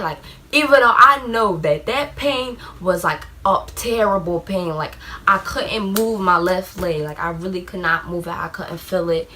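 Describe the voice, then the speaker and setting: A young woman telling a personal story in a casual vlog, rambling with lots of "like" and acting out shouted quotes. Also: medium pitch, moderate pace. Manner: rambling, heavy use of "like", acts out shouted quotes. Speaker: vlogger.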